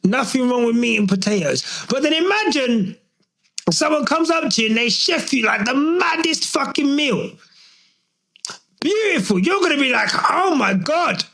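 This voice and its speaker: Animated young man ranting on a podcast. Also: very high voice, normal speed, rough recording. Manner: animated, swearing, slangy and excitable. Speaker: podcast host. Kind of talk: solo podcast rant.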